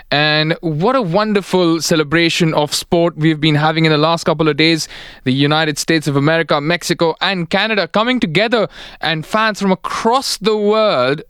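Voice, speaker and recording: A man's voice: on the high side, a bit bright, smooth, no room sound, clean studio sound. A man hosting a radio talk show, speaking with effusive enthusiasm as he interviews a guest. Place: radio studio.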